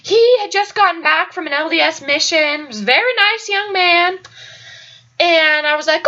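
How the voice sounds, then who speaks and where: A woman's voice: very high-pitched, animated, unhurried, sharp tone, muffled recording. A young woman telling a casual personal story in a chatty, rambling way with lots of fillers. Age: young adult. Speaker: college student storyteller.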